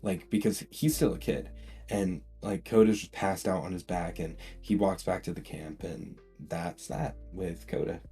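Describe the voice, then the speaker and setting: A man's voice: deep voice, fairly even intonation, a little slow, warm tone, husky, soft background music. A man telling a fan-made story in a casual, rambling way, full of fillers and restarts. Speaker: channel host.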